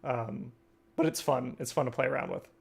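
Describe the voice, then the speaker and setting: A man's voice: mid-range voice, moderate pace, vocal fry, husky. A young man hosting a casual chat about a card game, agreeable and full of fillers like "um" and "like". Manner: agreeable, uses many fillers and backchannels. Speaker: host.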